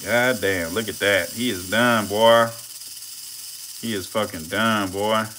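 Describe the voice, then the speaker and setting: A young man, cursing and laughing through loud live-stream commentary. His voice is bright and forceful, with a faint background hiss. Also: fairly low pitch, steady tone, slow. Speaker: channel host feeding snakes.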